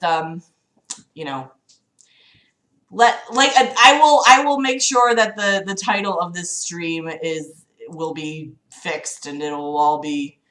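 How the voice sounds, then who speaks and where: Young woman, livestream host, chatty and profane, slight cough, bright voice, echoey room. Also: lowish voice. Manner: chatty, profane, fretful and giggly. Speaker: livestream host reading a friend's book. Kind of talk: casual livestream chat and reading aloud. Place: room at home.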